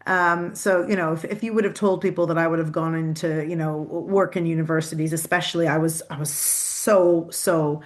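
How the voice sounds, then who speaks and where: A Canadian woman with a low voice answers interview questions as a guest over a video call. She talks chattily at a moderate pace with fairly even intonation and few pauses, though with many restarts and fillers.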